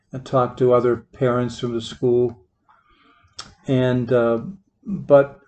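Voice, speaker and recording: A man's voice: mid-range voice, a little mellow. A man, a parish priest, giving an informal homily full of stories, folksy and rambling, often repeating his words. He is from the Pittsburgh area.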